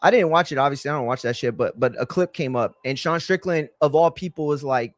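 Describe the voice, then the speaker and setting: A man's voice: fairly high pitch, quick pace, hardly any pauses, no room sound. Slangy, rambling male stream host. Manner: rambling storyteller, slangy, says "bro" a lot. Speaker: livestream watch-along host. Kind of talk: casual live-stream chat.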